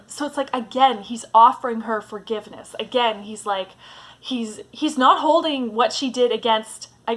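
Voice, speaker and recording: A woman's voice: a little high, fairly bright tone. A woman giving a casual, chatty vlog talk as a book vlogger, with a fond tone and lots of "like"s.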